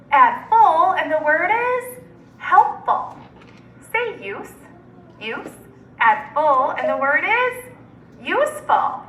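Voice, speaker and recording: Woman teacher, high voice, slow word-by-word phonics drill, recorded from a distance with faint background noise. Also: bright, forceful tone, reverberant. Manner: slow, deliberate word-by-word enunciation.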